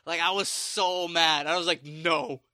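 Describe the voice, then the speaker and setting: Bright, animated young man telling a story. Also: on the high side, moderate pace. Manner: animated, acts out quotes, swears freely. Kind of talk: casual chat, storytelling.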